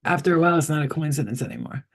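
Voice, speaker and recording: A man's voice: fairly high pitch, rapid-fire. A man, a psychic reader, chatting casually with his viewers on a live stream, rambling and swearing freely.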